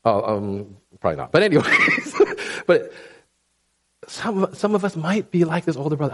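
A man preaching a sermon in a conversational, animated way, often checking in with the congregation. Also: a little high, normal speed. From Asian background.

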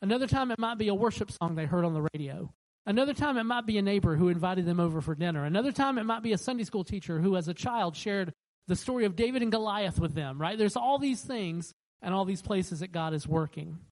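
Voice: mid-range voice, fast, poor audio. A pastor preaching a sermon in a conversational way, acting out the voices of the people in the stories. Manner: animated, acts out the voices of the people it quotes; conversational, with frequent restarts.

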